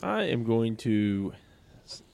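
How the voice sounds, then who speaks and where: A man at a tabletop game banters playfully in a gravelly voice, and his pitch moves a lot. A faint background noise sits under the recording. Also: big pitch swings, takes it slowly, darkish tone. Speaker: player. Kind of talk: casual tabletop play.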